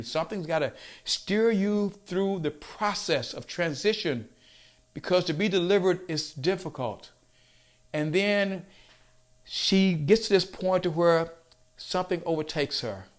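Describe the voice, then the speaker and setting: A man with a slightly high voice speaks in an earnest, coaxing motivational style. He slows down to lean on his key points, urging the listener along. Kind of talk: motivational talk.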